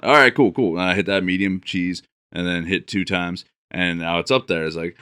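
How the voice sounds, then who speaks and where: A man's voice: low-pitched, moderate pace, bright, forceful tone, a little hiss or hum. A man co-hosting a podcast in casual chat, explaining work rules in a matter-of-fact way. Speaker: podcast co-host.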